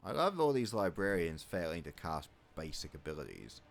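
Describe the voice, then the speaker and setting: A man from New Zealand talking his way through a strategy game in a casual let's-play. His voice sits very low but swings up and down a lot as he rambles, dropping wry asides and muttering his menu picks under his breath. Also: sing-song, moderate pace, vocal fry, faint music behind. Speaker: gaming YouTuber.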